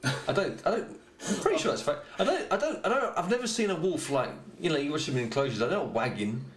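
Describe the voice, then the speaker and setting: A man's voice: a little high, big pitch swings, fast talker. A man co-hosting a podcast, rambling in casual chat and swearing freely. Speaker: podcast co-host. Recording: echoey room with faint noise.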